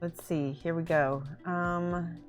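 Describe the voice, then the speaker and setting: A woman's voice: on the low side, fairly even intonation, slow pace, faint music behind. A woman chatting casually on a livestream while painting miniatures, giggling often and thinking aloud.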